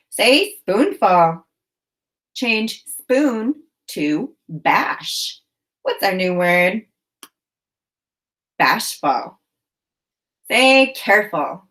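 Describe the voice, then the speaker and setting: Woman teacher, children's phonics lesson, unhurried delivery, carefully enunciated words. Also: medium pitch, a bit bright. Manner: slow, clearly enunciated, encouraging prompts.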